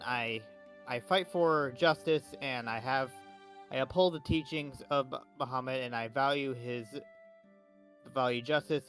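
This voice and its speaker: Playing a paladin in a tabletop game, a man speaks in character, hesitant and tripping over his words. His voice is medium in pitch and a little bright.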